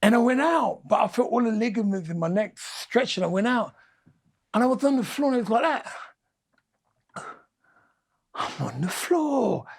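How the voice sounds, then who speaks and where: A man in his sixties, a boxing guest telling fight stories in an energetic, animated way and repeating his phrases. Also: extremely high pitch, brisk, dry recording, studio quality. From England. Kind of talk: animated storytelling interview.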